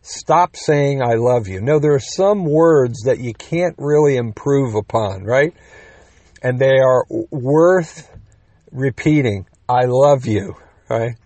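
A man's voice: mid-range voice, animated, takes it slowly, darkish tone, dry recording. A man preaching a sermon in a conversational teaching manner, with rhetorical questions and quips, growing emphatic on key points.

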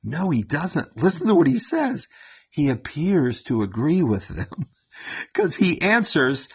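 A man teaching from the Bible to his co-hosts in a lively, conversational way, often checking in with a quick "right?" and laughing as he explains. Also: fairly high pitch, breathy edge, highs cut off. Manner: animated, keeps asking "right?" and laughs while explaining. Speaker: Bible teacher on a talk show.

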